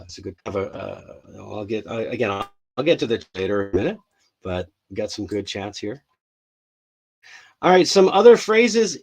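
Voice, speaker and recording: A man's voice: mid-range voice, darkish tone. A man hosting a live English lesson, loose and rambling with many restarts, acting out example phrases with emphasis. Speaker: English teacher, live show host.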